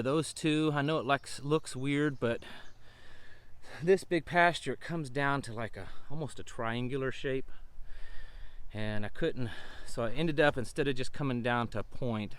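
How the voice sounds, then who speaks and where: A winded middle-aged man talks to his camera out in a farm pasture, folksy and rambling. His voice sits at an ordinary middle pitch, heard through a camera mic in the open air. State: out of breath. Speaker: homestead channel host. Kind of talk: casual outdoor vlog. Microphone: camera mic outdoors.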